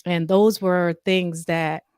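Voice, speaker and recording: A woman, from Atlanta, answering as a podcast guest, nervous and halting with fillers. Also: lowish voice, steady tone, darkish tone, smooth, no room sound, studio quality. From Atlanta, USA. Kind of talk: casual interview.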